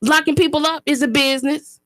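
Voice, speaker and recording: A woman's voice: high-pitched, steady tone, fairly quick, a bit bright, dry recording. A woman hosting a radio talk show, speaking as an activist in an impassioned, emphatic way, often repeating her phrases like a preacher. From Chattanooga, Tennessee, US. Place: radio studio.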